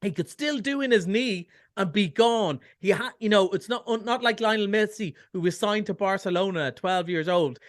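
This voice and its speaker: An Irish man reviewing films on a radio chat show, chatty and enthusiastic with quick jokes and asides. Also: high-pitched. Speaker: cinema film reviewer. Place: radio studio.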